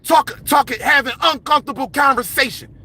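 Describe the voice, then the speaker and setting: A man with a very high, bright, forceful voice hosting a livestream. He talks in a heated, confrontational rant, preaching at his viewers and often breaking into a yell. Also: fairly quick. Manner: impassioned, yelling, confrontational, preachy. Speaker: livestream host.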